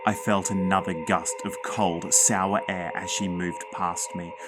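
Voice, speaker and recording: A man's voice: deep voice, level tone, measured pace, loud music behind the voice. A man narrating a spooky children's story with dramatic suspense.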